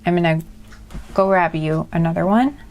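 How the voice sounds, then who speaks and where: A woman's voice: lowish voice, moderate pace, a little mellow, a little hiss or hum. Rambling, apologetic woman reading cards. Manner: rambling, apologetic, self-deprecating. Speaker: tarot reader. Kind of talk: casual chatty card reading.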